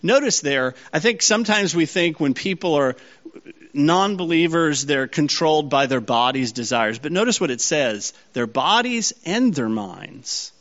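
A man's voice: fairly high pitch, normal speed, fairly bright tone. A man preaching a sermon and teaching a congregation, who often checks that his listeners are following. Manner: checks in with the audience often, asking if they follow. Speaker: pastor. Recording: slightly dull lo-fi sound.

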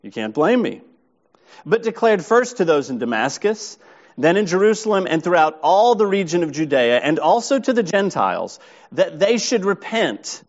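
A man delivers a sermon in a slightly high voice, reading scripture and then breaking it down in plain talk with check-ins to the listeners. The recording sounds dull and lo-fi. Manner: expository, reads scripture then explains it conversationally. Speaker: pastor.

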